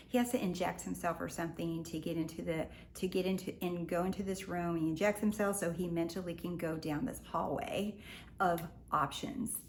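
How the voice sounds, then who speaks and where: A woman in a casual talk to camera, speaking as a spiritual life coach. Her delivery is lively and full of slang, and she jumps into other people's voices as she quotes them. A faint hiss of background noise sits under her voice. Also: fairly low pitch.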